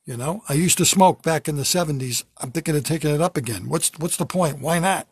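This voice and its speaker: A man's voice: on the high side, fairly quick, husky, dry recording, clean studio sound. An older man, a comedian, delivering a kvetching, self-mocking comedy rant from his basement at home. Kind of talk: stand-up comedy monologue.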